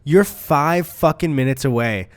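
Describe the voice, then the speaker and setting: A man's voice: fairly high pitch, measured pace. Young man reacting in casual chat. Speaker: podcast co-host.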